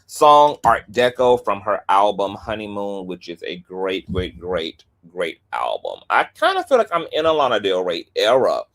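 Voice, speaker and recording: Chatty, animated male livestream host. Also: on the low side. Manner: chatty, animated, with playful asides and rapid plugs. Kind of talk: casual livestream commentary.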